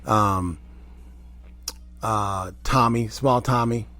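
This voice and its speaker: Animated rambling man telling wrestling stories. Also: on the low side, very slow. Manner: rambling, animated anecdotes with quoted voices. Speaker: guest, former wrestler. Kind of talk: casual storytelling interview.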